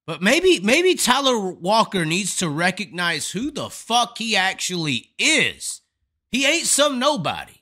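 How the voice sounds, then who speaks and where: A man's voice: on the high side, bright, forceful tone. A man hosting a live stream, delivering a profane, emphatic, rambling rant of commentary. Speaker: host.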